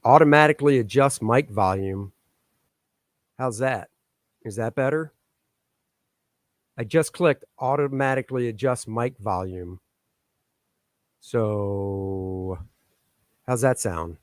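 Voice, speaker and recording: A man's voice: medium pitch, takes it slowly, pauses often, no echo, clean studio sound. Joking man chatting on a live stream. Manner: joking, chatty, muttering while fixing his settings. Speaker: comic artist hosting a live stream. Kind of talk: casual live-stream chat. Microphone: microphone on a stand.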